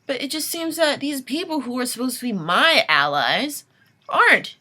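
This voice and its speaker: A woman's voice: sits high, big pitch swings, brisk, sharp tone. A young adult woman vlogging a late-night rant, exasperated, with sighs and whispered asides.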